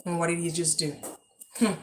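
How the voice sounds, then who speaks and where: A woman's voice: on the low side, fairly even intonation, fairly quick, very noisy. A woman in her thirties chatting casually on a live stream at home, talking to viewers and calling out to her kids in the backyard. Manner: chatty, scolding her kids between asides. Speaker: vlogger. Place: at home, outdoors near a backyard pool.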